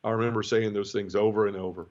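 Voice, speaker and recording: A middle-aged man from the southern United States, giving an emotional personal testimony in an interview, halting and full of restarts. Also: lowish voice, fairly even intonation, a little mellow. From Memphis area, southern United States. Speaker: guest. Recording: dull lo-fi audio.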